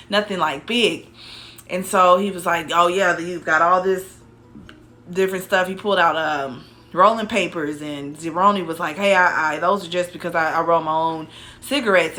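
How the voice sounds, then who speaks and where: A woman's voice: lowish voice, pushed and bright. A young woman casually telling a personal story, rambling with restarts and asides.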